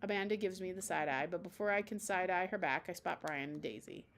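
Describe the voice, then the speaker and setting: A woman's voice: on the low side, brisk. Playful young woman reading game text. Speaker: streamer. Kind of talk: reading a dating game aloud.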